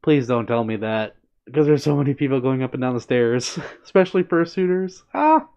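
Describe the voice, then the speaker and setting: A man's voice: medium pitch, brisk, dark tone. A man hosting a live stream, chatting casually and answering viewers by name in an upbeat way. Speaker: livestream host reading chat. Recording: dull lo-fi stream audio.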